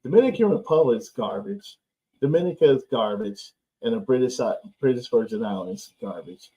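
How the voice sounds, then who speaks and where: A man's voice: medium pitch, lively intonation, normal speed, mellow. A man hosting a live football watchalong stream, talking loosely and sarcastically, swearing and laughing often. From United States. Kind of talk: casual live-stream chat. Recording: slightly dull, lo-fi stream audio.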